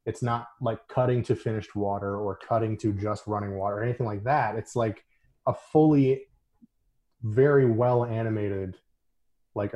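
Low-voiced man in enthusiastic casual chat. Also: mellow. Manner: enthusiastic, laughs often, many fillers. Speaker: podcast co-host.

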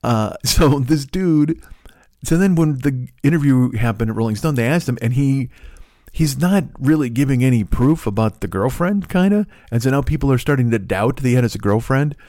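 A man's voice: medium pitch, animated, moderate pace, mellow, dry recording, studio quality. Profane, ranting middle-aged man. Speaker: comedian host. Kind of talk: comedic podcast rant.

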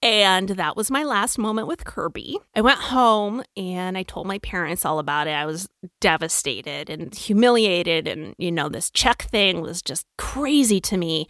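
A woman telling a personal story in a casual, animated way, acting out the dialogue and swearing freely. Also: fairly low pitch, measured pace, few pauses, no room sound, studio quality.

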